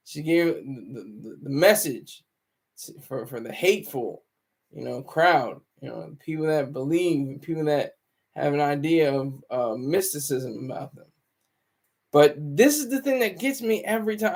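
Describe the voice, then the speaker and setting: A man giving casual, rambling livestream commentary, often breaking off mid-sentence and chuckling. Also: fairly high pitch. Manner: rambling, self-interrupting.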